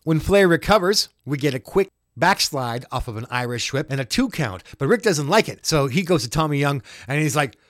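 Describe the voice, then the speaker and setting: Animated man recapping a wrestling match. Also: fairly high pitch, brisk, few pauses, no echo, studio quality. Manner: animated, jokey, acts out the wrestlers' yells. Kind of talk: casual play-by-play chat.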